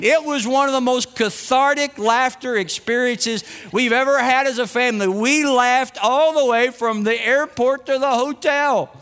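A man's voice: very high-pitched, pushed and bright, clear, resonant tone. A middle-aged man telling a self-mocking, humorous personal story to an audience. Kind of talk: personal anecdote told to an audience. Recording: long reverb.

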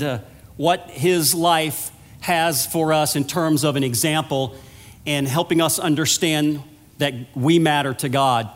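A man's voice: on the high side, big-room sound. A man preaching a sermon as a church minister, telling a story in an earnest, conversational way. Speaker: minister of pastoral care.

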